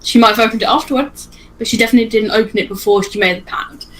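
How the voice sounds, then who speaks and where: A woman's voice: a little high, fairly even intonation, very fast, fairly bright tone, rough recording. A woman chatting casually about a cartoon series on a livestream, thinking aloud and trailing off mid-sentence. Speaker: guest discussing a cartoon series.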